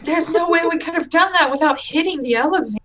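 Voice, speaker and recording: Brief: woman game master, high voice, chatty narration. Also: fast, a bit bright, poor audio. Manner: chatty, with restarts and laughs.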